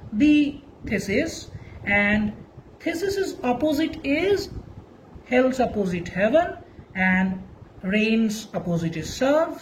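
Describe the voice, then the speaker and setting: A woman teaching a literature lesson, explaining slowly and deliberately, with restarts. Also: fairly high pitch, slight background noise, low-quality recording. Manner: slow and deliberate, with restarts and emphasis. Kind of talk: literature lecture.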